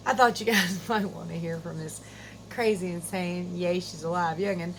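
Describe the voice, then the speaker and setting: A woman's voice: fairly low pitch, fairly even intonation, slight background noise, rough recording. A middle-aged woman chatting casually and goofily as a vlogger at home, laughing easily. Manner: goofy, chatty, quick to laugh. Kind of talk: casual chat.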